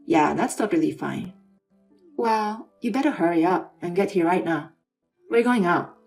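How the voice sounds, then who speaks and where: A woman's voice: on the low side, lively intonation, measured pace, vocal fry, darkish tone, soft background music. A woman voicing a selfish, demanding young husband in a scripted story reading, in her own plain voice. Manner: demanding, dismissive.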